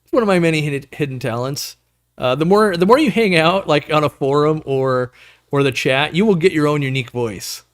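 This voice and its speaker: A man's voice: on the high side, a little fast, dry recording. Rambling upbeat man streaming live, dry close sound. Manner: rambling, upbeat, lots of fillers and slang. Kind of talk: casual live stream chat, reading chat.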